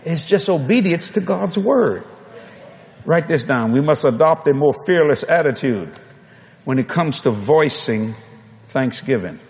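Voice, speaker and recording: A man with a Cajun accent preaching a folksy storytelling sermon, swinging from loud to soft. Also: a little high, lively intonation, measured pace. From Louisiana.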